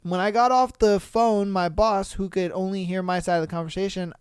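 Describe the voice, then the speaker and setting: A man hosting a podcast, reading listener stories aloud and reacting with animated, slangy, profane rants. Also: high voice, a little fast, clean tone, no room sound, studio quality. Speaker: podcast host.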